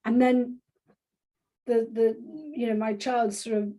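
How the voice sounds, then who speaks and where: A woman with a slightly high voice chats casually as a parenting coach in an interview. She's animated and lively, restarts her sentences a lot, and slips into quick little voices when she quotes people. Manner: frequent restarts and filler phrases.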